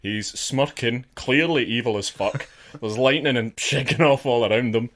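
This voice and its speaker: A man's voice: mid-range voice, normal speed, a bit bright. Chatty man retelling film scenes. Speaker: podcast co-host. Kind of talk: casual film discussion.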